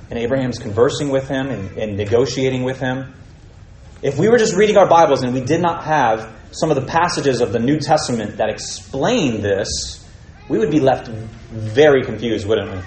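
A man leads a Bible study in an echoey room, reading passages and then explaining them with questions to his listeners. His voice is mellow and of middle pitch. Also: moderate pace. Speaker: Bible teacher.

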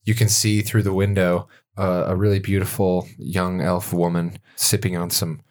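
A man's voice: deep voice, flat delivery, normal speed, a little mellow. A man narrating as game master of a tabletop game, loose and full of fillers.

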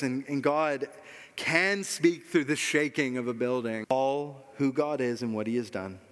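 A man's voice: mid-range voice, a bit bright, big-room sound. A man preaching a sermon as pastor, earnest and emphatic, repeating key phrases for weight.

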